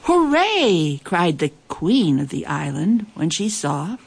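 Expressive woman reading a children's story. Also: sits low, a little slow, vocal fry, breathy edge. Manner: lively, expressive, with playful asides.

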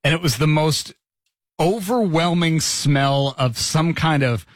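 A man's voice: fairly high pitch, slow, dry recording. A middle-aged man hosting a morning radio show, telling stories and laughing as he talks. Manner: storytelling, laughing often.

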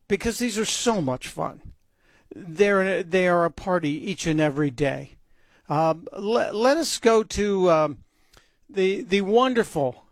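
Man, talk radio host, sarcastic, mocking, higher voice, dry close mic. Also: dry recording. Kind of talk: opinion talk radio monologue.

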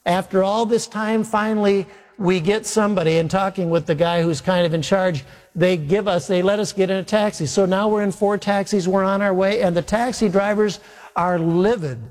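Give me a man preaching, with an animated, wry storytelling voice and a long reverb. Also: high voice, moderate pace. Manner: animated, wry anecdotal delivery. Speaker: pastor. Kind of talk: humorous storytelling sermon.

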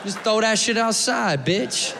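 A man doing a loud, profane, animated stand-up comedy set on a club stage. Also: high-pitched, a little slow, vocal fry, heavy background noise. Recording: live club recording with crowd laughter and reverb.

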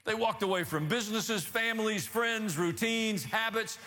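A man preaching a sermon, telling the story in an animated, emphatic way with rhetorical asides. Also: high voice, normal speed. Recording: long hall reverb.

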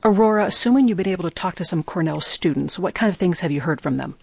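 Gravelly radio news host. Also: medium pitch, expressive, fast, a little mellow, dry recording.

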